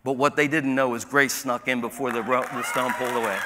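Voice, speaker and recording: A man preaching a sermon as pastor, shifting from quiet asides to loud, shouted preaching. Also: mid-range voice, steady tone, brisk, hardly any pauses, big-room sound, a faint crowd, slight background noise. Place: church sanctuary.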